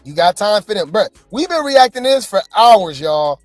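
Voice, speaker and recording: A woman's voice: medium pitch, sing-song, normal speed, no room sound. Woman reaction host, aave, chatty and opinionated, dry close sound, faint music behind. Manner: chatty, opinionated, addresses viewers directly. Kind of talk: casual reaction commentary.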